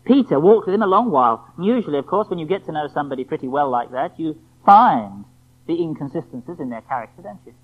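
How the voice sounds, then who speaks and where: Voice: medium pitch, animated, quick pace, breathy edge. Preacher giving a sermon, emphatic, keeps asking the crowd questions, tinny lo-fi tape sound. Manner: rhetorical, emphatic, full of questions to the listeners. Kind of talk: evening sermon.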